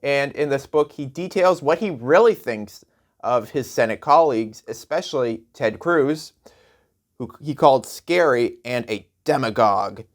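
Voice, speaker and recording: A man's voice: mid-range voice, animated, a little slow. A man hosting a late-night comedy show, delivering a sarcastic news monologue and laughing at his own jokes.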